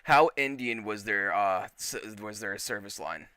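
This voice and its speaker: A young man chatting casually on his livestream, animated and swearing freely, now and then slipping into mock voices. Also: lowish voice, measured pace, clear, resonant tone. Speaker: streamer host.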